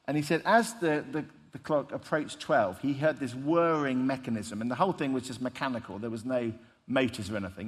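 Male preacher, mid-pitched, conversational sermon delivery, long hall reverb. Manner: storytelling, emphatic, conversational.

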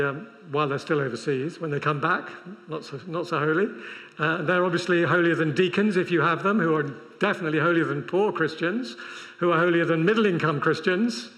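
A man's voice: a little high, a bit bright. A man preaching a sermon at a large convention, talking conversationally with wry humorous asides. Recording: long reverb of a large hall.

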